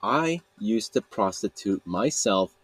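A man's voice: fairly low pitch, lively intonation, slow, breathy edge, dry recording, full character voice. A man quoting a blunt woman from a camp.

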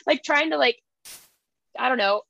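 Young woman podcast cohost, kinda high voice, dry mic, bouncy storytelling. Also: moderate pace, vocal fry, no echo, dull audio. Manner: animated retelling with playful quoted voices. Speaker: podcast co-host. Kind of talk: casual book chat.

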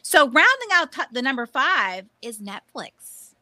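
A woman in her forties co-hosting a casual podcast chat, talkative and laughing often, acting out lively quoted voices. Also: high voice, unhurried. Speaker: podcast co-host.

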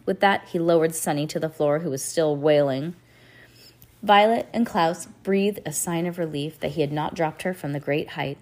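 Casual: lady reading a kids book out loud, expressive, kinda low voice. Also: moderate pace. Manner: expressive reading with varied pace. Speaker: narrator. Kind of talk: reading a storybook aloud.

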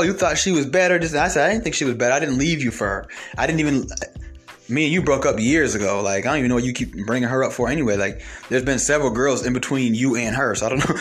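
A man, telling a story to camera in a blunt, animated rant. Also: a little high, husky. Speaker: vlogger. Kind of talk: casual monologue to camera.

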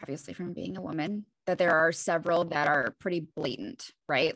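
A woman's voice: fairly low pitch, moderate pace, fairly bright tone, low-quality recording. A woman co-hosting a casual podcast as a counselor, blunt and freely swearing. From Wisconsin.

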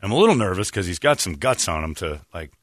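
A man's voice: low voice, very animated, quick pace, dry recording, studio quality. A middle-aged man hosting a casual talk show, telling stories and acting out the voices of the people in them. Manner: storytelling, acts out voices in anecdotes. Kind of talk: casual chat.

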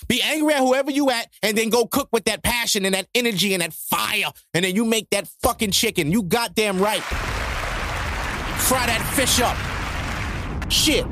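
A man's voice: sits high, no echo, studio quality. A man hosting a podcast, ranting in a loose, profane, joking way. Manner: profane, joking, animated rants. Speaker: podcast host. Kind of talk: casual monologue.

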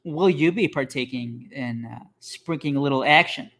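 A man's voice: mid-range voice, moderate pace, gravelly, a bit bright. A man co-hosting a casual sports chat, asking questions and teasing, laughing easily. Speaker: sports podcast co-host.

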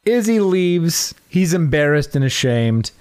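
A man's voice: fairly high pitch, sing-song, measured pace, a little mellow. Wry male co-host recapping the plot. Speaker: podcast co-host. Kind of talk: casual chat, recapping the plot.

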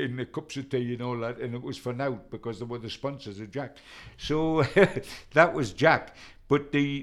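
Older man, rambling anecdotal storyteller, lively. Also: mid-range voice. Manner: rambling, animated, mimics the people he quotes. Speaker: retired football journalist telling stories.

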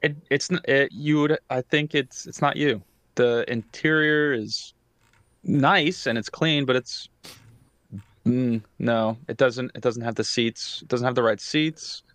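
A man's voice: medium pitch, measured pace, fairly bright tone, dry recording. A man co-hosting a podcast, explaining at length with many fillers in casual chat. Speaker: podcast co-host.

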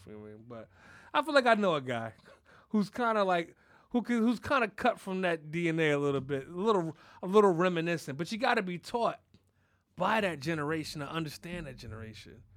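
A man hosting a podcast, telling a crude, animated comic story about his family and peppering it with "you know what I'm saying.". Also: fairly high pitch, no room sound. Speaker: podcast host.

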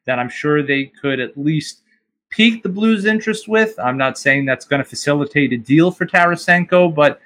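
A man's voice: a little high, normal speed, a bit bright. A man co-hosting a sports podcast, giving analytical opinions in casual chat with frequent ums. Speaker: podcast co-host.

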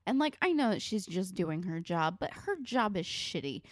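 A woman's voice: lowish voice, normal speed, no echo, clean studio sound. A woman in her twenties co-hosting a podcast, talking casually and bluntly with plenty of swearing and "like". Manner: animated, blunt, swearing, lots of "like". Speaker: podcast co-host recapping a TV episode. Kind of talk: casual chat.

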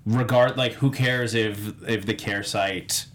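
A man's voice: on the low side, steady tone, slow pace, a bit bright, slight background noise. A man hosting a casual fan podcast, chatty and full of "like" fillers. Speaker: podcast host.

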